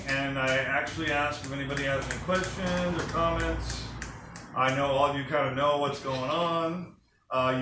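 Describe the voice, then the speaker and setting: A man giving an enthusiastic sales presentation to a small group, asking the room questions as he goes. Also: fairly high pitch. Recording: echoey room from a distant mic with faint noise.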